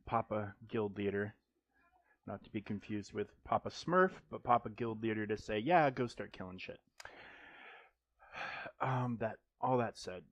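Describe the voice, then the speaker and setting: A man's voice: fairly low pitch, unhurried, pauses often, dry recording. A man streaming a mobile game live, chatting casually and joking, rambling with frequent ums and restarts.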